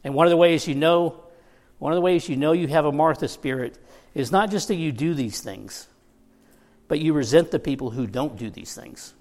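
A man's voice: fairly high pitch, normal speed, darkish tone. A man preaching a conversational sermon as pastor, with joking asides to the congregation.

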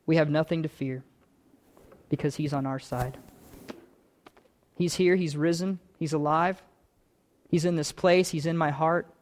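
Earnest, slightly high-voiced male pastor. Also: steady tone, unhurried, long pauses. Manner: earnest, repetitive phrasing that builds in intensity. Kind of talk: sermon.

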